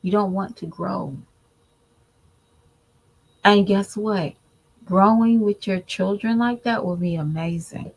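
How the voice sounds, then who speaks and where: A woman's voice: mid-range voice, slow pace, vocal fry, long pauses, low-quality recording. A woman giving candid, preachy commentary to her viewers in a casual vlog. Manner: candid, preachy, animated mimicry. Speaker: vlogger.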